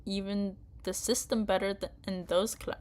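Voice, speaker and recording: A woman voicing a brooding male crew member in an attempted Scottish accent, reading game dialogue in earnest, measured lines. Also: medium pitch, flat delivery, a little mellow, natural voice. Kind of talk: game dialogue read aloud.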